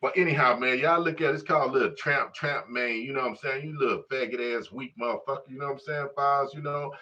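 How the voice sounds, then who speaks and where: Bright-voiced guy ranting on a livestream, cussing nonstop, kinda far from the mic, muffled lo-fi sound. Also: mid-range voice, quick pace. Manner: profane, rambling, heavy fillers. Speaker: livestream host. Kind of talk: casual livestream rant. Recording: distant lo-fi livestream audio.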